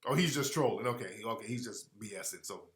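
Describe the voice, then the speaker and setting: A man hosting a casual talk show, telling a story in an animated way with frequent laughter. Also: lowish voice, fast. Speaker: radio show host. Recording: roomy echo.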